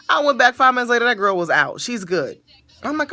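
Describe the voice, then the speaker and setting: A woman hosting a casual podcast, telling a story in an animated way and laughing often. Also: fairly high pitch, fast. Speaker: podcast host.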